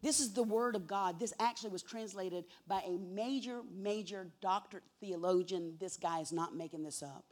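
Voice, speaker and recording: A woman preaching a sermon, swinging from hushed whispers to loud, emphatic cries and repeating key words for emphasis. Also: mid-range voice, moderate pace, few pauses.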